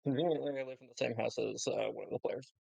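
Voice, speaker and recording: A man narrating as game master of a tabletop game over a voice call, relaxed and hesitant, with many fillers. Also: mid-range voice, quick pace, vocal fry, slightly rough, dull audio.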